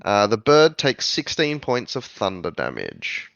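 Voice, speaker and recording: A man's voice: fairly low pitch, wildly swooping pitch, unhurried, creaky, a bit bright, no echo, dull audio. A man narrating a tabletop game as game master, improvising with many fillers.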